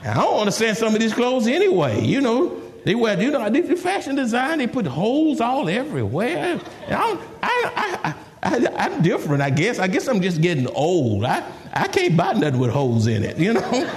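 A man's voice: very high-pitched, moderate pace, hardly any pauses, a little hiss or hum. Male preacher, sermon, dramatic scripture voices, long hall echo. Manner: animated, laughing asides, acts out scripture in a raised voice.

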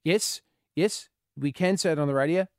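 A man with an Australian accent hosting a radio show, bantering and talking with callers, often getting excited. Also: moderate pace, no room sound, clean studio sound. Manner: excitable, goes high and loud when amused. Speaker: radio host. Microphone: studio microphone.

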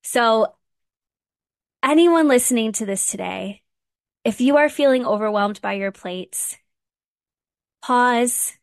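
A woman's voice: fairly high pitch, lively intonation, takes it slowly, pauses often, dry recording. A woman hosting a faith podcast, a mom talking in an earnest, heartfelt way, close to the mic. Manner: earnest and heartfelt, getting emotional. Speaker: podcast host. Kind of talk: casual faith podcast talk.

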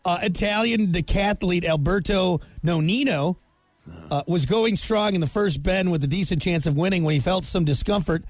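A man co-hosting a morning show sports bit, joking and teasing his partner. His voice sits a little high and sounds dry and close to the mic. A faint music bed runs underneath. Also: moderate pace, no echo. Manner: joking, playful, reads sponsor copy. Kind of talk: casual radio banter.

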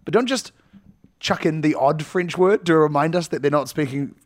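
Animated, laughing man chatting films. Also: on the high side, normal speed. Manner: animated, laughs often, acts out quotes. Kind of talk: casual comedic film chat.

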